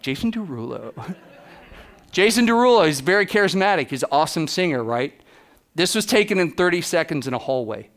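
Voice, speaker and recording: A man giving a keynote talk as a photographer, telling lively anecdotes and acting out the exchanges he quotes. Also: fairly high pitch. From United States. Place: conference stage.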